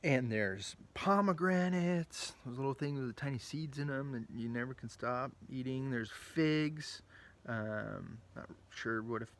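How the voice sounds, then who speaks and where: A man leading a children's Bible lesson, telling the story in a chatty, animated way and acting out the quotes. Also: mid-range voice, unhurried. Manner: chatty, with frequent asides. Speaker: children's ministry leader.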